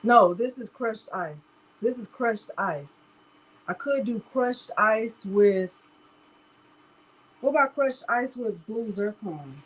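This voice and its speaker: A woman with a fairly high, husky voice speaks expressively at a slow pace, and the audio is poor. Hosting a live crafting tutorial, she chats casually, laughs often and talks straight to viewers, addressing them as "y'all".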